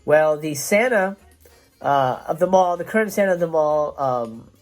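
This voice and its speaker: A man's voice: fairly high pitch, animated, moderate pace, faint music behind. A man hosting a casual film review show, talking in a chatty, rambling way with lots of fillers and restarts.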